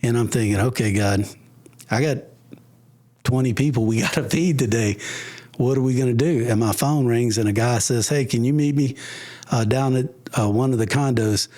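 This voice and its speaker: A middle-aged man sharing his personal recovery and faith story as a podcast guest, animated and acting out the voices he quotes. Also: medium pitch, moderate pace. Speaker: podcast guest, ministry founder.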